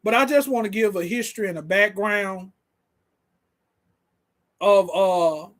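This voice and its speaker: A man hosting a casual commentary stream, excitable and laughing, who stumbles, repeats words and keeps talking straight to his audience. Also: high voice, unhurried. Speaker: host.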